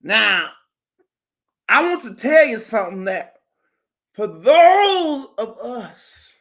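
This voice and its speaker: Putting on an exaggerated, very high voice with big pitch swings, a man plays a fervent, dramatic church preacher hollering through a mock sermon. He draws out words, repeats himself, and swings from loud to soft.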